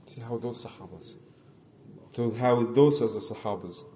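A preacher tells a religious story in halting, conversational English, acting out the lines of each figure. His voice is dark and mellow. A faint hiss sits under it. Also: medium pitch. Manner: conversational, halting, many restarts, acts out dialogue. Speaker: Islamic preacher. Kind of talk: storytelling sermon.

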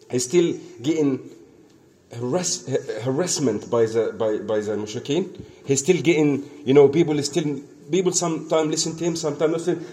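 Earnest man preaching, mellow voice. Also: a little high. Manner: earnest, repetitive, acts out the dialogue of the story. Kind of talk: sermon storytelling.

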